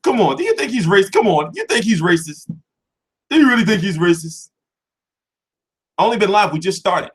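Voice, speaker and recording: Animated man in profane casual rant. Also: high-pitched, normal speed, pauses often. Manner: loose, profane, rhetorical questions. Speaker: boxing show host. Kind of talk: casual livestream commentary.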